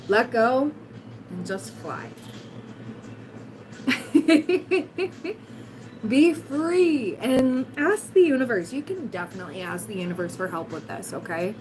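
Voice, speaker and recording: Raspy, hoarse woman doing a tarot livestream. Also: fairly high pitch, animated, slow, long pauses, noisy background. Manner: blunt, encouraging, giggly asides. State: hoarse, voice recovering. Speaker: tarot reader, livestream host. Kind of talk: casual livestream tarot reading.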